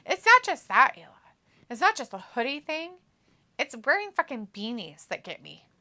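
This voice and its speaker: A woman with a nasal, cackly voice chats casually on a live stream. Her pitch sits on the high side and swings widely. Her tone is bright, and she teases and swears freely. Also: sing-song, normal speed. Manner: laughs often, swears casually, teasing. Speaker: live-stream co-host reading chat. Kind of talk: casual watch-along chat.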